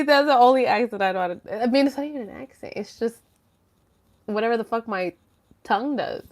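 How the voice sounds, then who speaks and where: A woman chats casually on her live stream from home, rambling from one thing to the next. She swears freely and speaks in a somewhat high voice. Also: lively intonation, fairly quick, darkish tone. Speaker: livestream host. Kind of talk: casual livestream chat.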